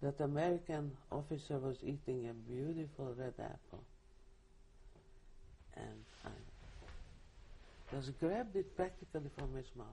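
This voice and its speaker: An older woman recalling her past in an oral history interview, telling it vividly with halting restarts. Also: extremely low pitch, lively intonation, warm tone, slight background noise. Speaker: Holocaust survivor giving testimony.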